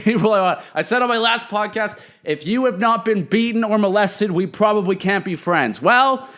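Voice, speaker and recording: A man with a fairly high voice hosts a solo comedy podcast. He talks straight into a podcast mic in a profane, opinionated rant, swearing freely as he lays out his views. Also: a bit bright. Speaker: podcast host.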